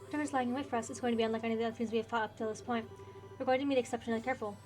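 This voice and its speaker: A woman's voice: on the high side, fairly even intonation, rapid-fire, a little mellow, close to an everyday voice. A woman voicing a grave young priest warrior. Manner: serious, warning. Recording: faint game music behind.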